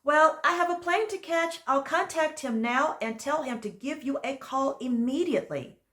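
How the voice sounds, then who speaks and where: Brisk, reassuring friend on the phone, voiced by a woman reading a storybook. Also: sits high, expressive, fairly bright tone, roomy sound, pitched above the performer's own voice. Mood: upbeat.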